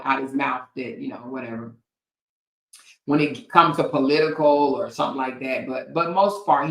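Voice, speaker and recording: A woman's voice: sits low, creaky, echoey room, low-quality recording. A woman hosting her own show, delivering a heated commentary rant with blunt, profane language and repeated points for emphasis. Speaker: commentary host.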